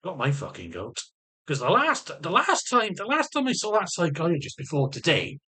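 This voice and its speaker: Man, casual video diary, heavy swearing, stammering restarts, fairly high bright voice. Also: wildly swooping pitch, fairly quick, breathy edge. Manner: rambling, swears heavily, emotional. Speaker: vlogger.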